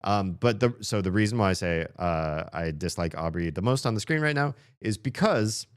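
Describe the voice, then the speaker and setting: A man with a low, deep voice gives loose, playful commentary while he streams a story game. He rambles and jokes with his viewers. The sound is dry and close, with no room echo. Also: expressive, normal speed, hardly any pauses, clean tone. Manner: playful, chatty, laughs often.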